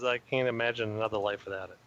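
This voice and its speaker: Bright-voiced man on lo-fi call audio. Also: fairly low pitch, fairly even intonation, racing, a little hiss or hum. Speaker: podcast co-host. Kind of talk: casual chat. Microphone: video call.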